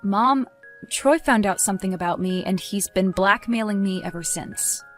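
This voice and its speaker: A woman voicing a stressed teenage high school boy who talks tensely and pleads, then snaps into anger. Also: normal speed, fairly bright tone, faint music behind, close to an everyday voice. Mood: earnest.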